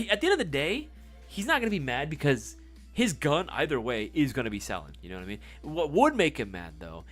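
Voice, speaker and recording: Animated man hosting a live stream. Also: medium pitch. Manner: animated, swearing, playful. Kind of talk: casual live-stream sales chat.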